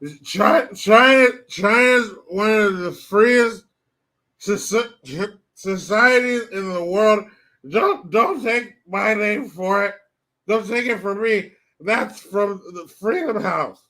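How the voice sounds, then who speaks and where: A man putting on a mocking impression of a drunk old woman politician, slow and slurred. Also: high voice, sharp tone, heavily acted. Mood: slurring.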